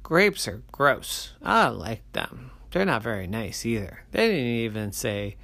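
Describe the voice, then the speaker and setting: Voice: medium pitch, sing-song, a little slow, gravelly, a bit bright, exaggerated voice. A storyteller voicing a grumpy broccoli that grumbles in a storybook tale. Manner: grumbling and sulky.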